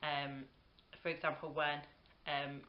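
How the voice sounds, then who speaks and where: A woman's voice: low voice, flat delivery, slow, muffled recording, a little hiss or hum. A British woman in her twenties chatting casually to camera, rambling with lots of "um" and "like" and laughing easily. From Britain. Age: 20s. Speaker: vlogger.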